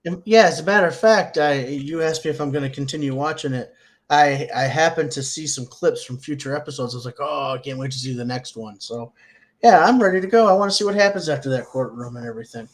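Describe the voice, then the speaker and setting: A man co-hosting a podcast in a casual chat, joking and goofing around as he rambles. His voice sits somewhat high for a man. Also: quick pace. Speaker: podcast co-host.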